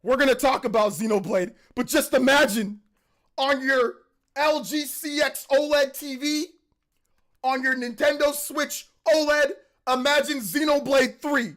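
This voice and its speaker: A man hosting a live reaction stream, talking in excited, emotional bursts and repeating himself, with a voice that is wearing out. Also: very high-pitched, unhurried. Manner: excited, emotional, repetitive exclamations. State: losing his voice. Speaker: host.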